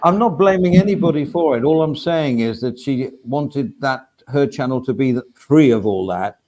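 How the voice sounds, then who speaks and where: A man's voice: mid-range voice, lively intonation, moderate pace, darkish tone. A man on a live stream panel, talking earnestly and repeating himself as he makes his points. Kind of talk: casual panel chat.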